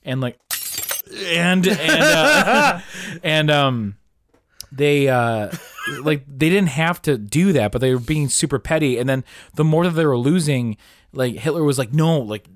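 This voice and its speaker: A man hosting a casual podcast, telling a story in a rambling, animated way with lots of fillers and swearing. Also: fairly high pitch, unhurried, dry recording. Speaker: podcast host. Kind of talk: casual chat.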